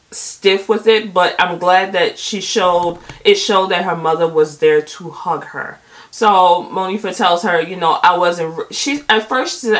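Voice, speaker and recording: A woman's voice: fairly low pitch, a bit bright, rough recording. A young woman giving a casual, emphatic recap of a TV episode. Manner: chatty, emphatic, quotes people with feeling. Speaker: video host recapping a TV episode.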